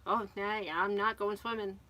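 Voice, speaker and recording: A middle-aged woman from Connecticut chatting on a live show at an ordinary, mid-range pitch. She talks casually and easily, reading out viewer comments and laughing often. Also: steady tone, moderate pace, dull audio.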